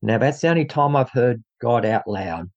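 A man's voice: medium pitch, expressive, normal speed, lo-fi sound. A man from Australia with an Australian accent, sharing a faith testimony in an earnest, hesitant way with many fillers. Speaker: guest speaker in an online faith group.

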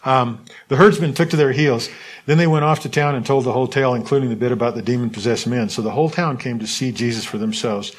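Husky man reading scripture with asides. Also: mid-range voice, quick pace, rough recording. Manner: animated reading, voices the quotes with asides. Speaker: Bible study leader. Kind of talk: reading scripture aloud with commentary.

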